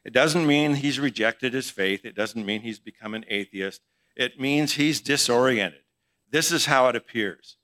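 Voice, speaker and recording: A man's voice: mid-range voice, unhurried, pushed and bright, dry recording. A middle-aged male pastor giving a conversational sermon in church, asking his congregation questions as he teaches.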